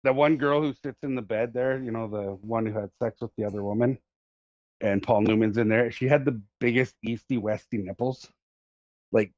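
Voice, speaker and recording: A man's voice: mid-range voice, normal speed, darkish tone, no echo, lo-fi sound. A man co-hosting a podcast, talking in crude, joking banter and often repeating himself. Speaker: podcast co-host.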